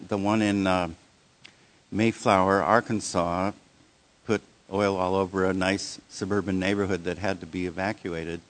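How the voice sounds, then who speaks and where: Male workshop presenter, low-pitched, casual and halting, with frequent restarts and audience check-ins. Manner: halting, many restarts and fillers. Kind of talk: live workshop talk.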